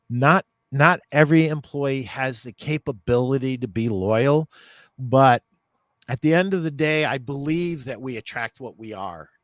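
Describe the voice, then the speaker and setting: A man's voice: medium pitch, no echo. Earnest man hosting a podcast. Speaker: podcast host, store owner. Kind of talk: podcast interview.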